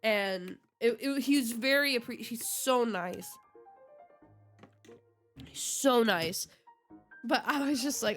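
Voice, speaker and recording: A woman's voice: fairly high pitch, takes it slowly, long pauses, fairly bright tone, soft background music. A young woman streaming a video game, chatting casually and telling a rambling, giggly story. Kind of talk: casual live-stream chat.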